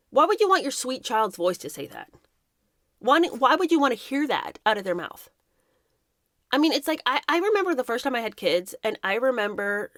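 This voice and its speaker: A woman in her thirties delivers heated commentary with an animated, swooping voice. She speaks emphatically and indignantly, slipping into mocking impressions now and then. The recording is close and dry. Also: on the high side, no echo. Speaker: commentary host. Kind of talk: impassioned commentary.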